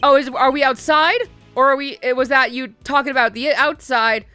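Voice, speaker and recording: A woman's voice: high-pitched, fairly even intonation, moderate pace, bright, forceful tone, clear, resonant tone. A woman hosting a game let's play, chatting casually with profane, giggly, rambling asides. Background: game music.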